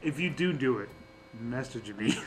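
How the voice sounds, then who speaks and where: A man's voice: mid-range voice, animated, moderate pace, music in the background, low-quality recording. A man co-hosting a podcast, chatting casually about a tabletop game, joking and laughing often. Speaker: podcast co-host.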